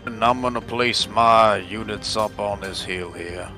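A man's voice: lowish voice, unhurried, pushed and bright, soft background music. A man playing a tabletop game, chatting casually and joking around. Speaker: player. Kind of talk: casual gaming chat.

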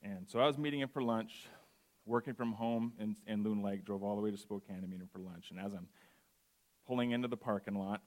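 A man's voice: on the low side, a little fast, a little mellow. A man in his forties, a guest preacher, reading scripture earnestly and then sharing a personal testimony. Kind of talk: sermon.

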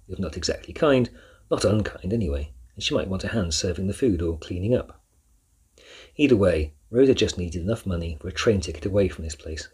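A man narrating a children's novel chapter by chapter in a measured, steady reading. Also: deep voice, husky. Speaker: audiobook narrator. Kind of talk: scripted storybook narration.

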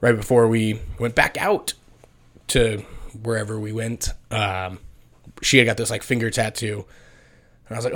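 A man's voice: on the low side, steady tone, normal speed, pauses often, a bit bright. A young man casually co-hosting a podcast, joking crudely and acting out quotes as he tells stories. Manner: crude, joking storyteller who acts out quotes. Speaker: podcast co-host.

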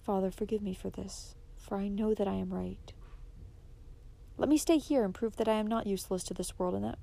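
A woman reading the part of a young daughter who speaks quietly, calm but firm. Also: medium pitch, brisk, gravelly. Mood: pleading.

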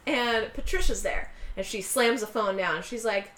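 A woman casually recapping a film, acting out the characters' lines in quick voices as she tells it. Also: medium pitch, reverberant. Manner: animated retelling, acting out quotes in quick voices. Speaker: podcast co-host recapping a film. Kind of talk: casual chat.

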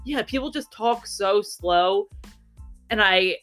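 Fast-talking Philly woman with a slight lisp. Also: mid-range voice, lively intonation, a bit bright, faint music behind. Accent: Philadelphia. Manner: rapid, rambling with restarts and laughs. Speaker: podcast co-host. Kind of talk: casual chat.

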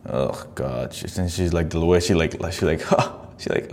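A man with a very low, gravelly, darkish voice talks casually like a podcast host, riffing profanely through clips and cutting in with mocking asides. He speaks at normal speed with hardly any pauses, a faint hiss audible behind him.

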